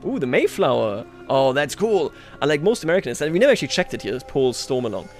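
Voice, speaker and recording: A man's voice: mid-range voice, big pitch swings, brisk, faint music behind. A man livestreaming a strategy game, talking casually to his chat, self-mocking and chuckling often. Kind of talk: casual gameplay commentary.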